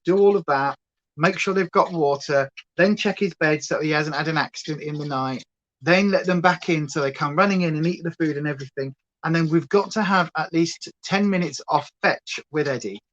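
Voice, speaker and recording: A woman's voice: low voice, a bit bright, highs cut off. A British woman hosting a livestream from home, chatting casually and going off on tangents. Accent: British English. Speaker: livestream host. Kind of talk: rambling casual chat.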